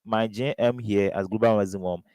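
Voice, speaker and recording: A man's voice: fairly low pitch, fairly even intonation, brisk, darkish tone, clean tone, dry recording, poor audio. A man with a Ghanaian English accent tutoring through exam questions, constantly prompting with "what?" before giving each answer. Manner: question-and-answer drilling, keeps asking "what?". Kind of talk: exam revision lesson.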